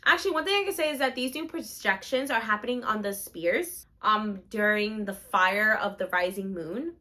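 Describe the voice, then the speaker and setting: A woman's voice: medium pitch, moderate pace, few pauses, bright, forceful tone. A young woman vlogging about theme parks, gushing and emotional as she talks. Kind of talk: excited theme park vlog chat.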